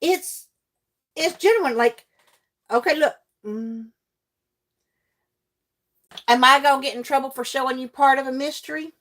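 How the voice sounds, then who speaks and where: Middle-aged woman, fairly high voice, chatty livestream host who laughs a lot and calls out viewers by name. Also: a little slow, pauses often, a bit bright. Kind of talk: casual chat with viewers while crafting.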